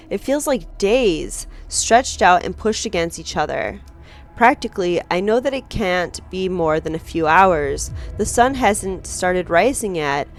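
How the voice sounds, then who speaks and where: A woman streamer reading a visual novel aloud with dramatic, expressive narration, breaking in with her own reactions. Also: lowish voice. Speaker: game streamer.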